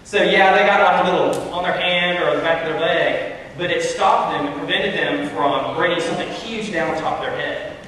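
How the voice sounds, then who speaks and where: A man gives a storytelling Bible talk to children, chatting and asking them questions as he goes. His voice sits a bit high and comes from a distance. A long, roomy echo fills the church hall around him, with a faint hiss underneath. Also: normal speed, fairly bright tone. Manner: storytelling, conversational, addresses kids. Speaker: youth speaker. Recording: echoey hall, far from mic.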